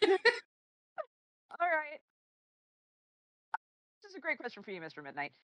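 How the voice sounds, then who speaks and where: A playful woman hosts a casual group chat, her voice fairly high and swinging widely in pitch. She is recorded dry and close. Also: wildly swooping pitch, measured pace, fairly bright tone, dry recording. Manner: playful, laughing, asks the questions. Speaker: host.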